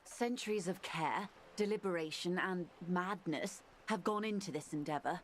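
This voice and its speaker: An actress voicing a composed, middle-aged corporate negotiator in a video game, speaking in a measured, formal, articulate way. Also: female voice, lowish voice, a little hiss or hum, close to an everyday voice. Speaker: game character.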